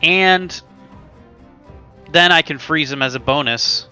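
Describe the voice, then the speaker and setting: A man's voice: on the high side, slow pace, pushed and bright, faint music behind. A man playing a tabletop game, talking casually with lots of "like" and "yeah". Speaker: player.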